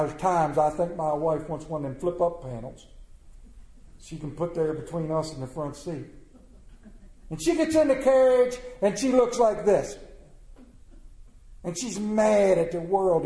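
Folksy dramatic preacher man, echoey hall. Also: sits high. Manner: dramatic storyteller, swinging from loud to hushed; folksy, plainspoken. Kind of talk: storytelling sermon. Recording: echoey room.

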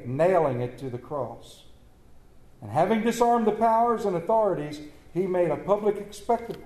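A man's voice: a little high, dark tone, roomy sound. A man preaching a folksy sermon, reading scripture and talking conversationally, stumbling a little over words because of a swollen lip.

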